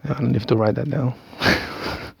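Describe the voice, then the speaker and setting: Gravelly Dutch-accented man rambling. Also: mid-range voice, steady tone, unhurried, dry recording, studio quality. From Netherlands. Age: 30s. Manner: hesitant, stammering restarts, chuckles to himself. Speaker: video maker. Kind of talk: rambling self-recorded monologue.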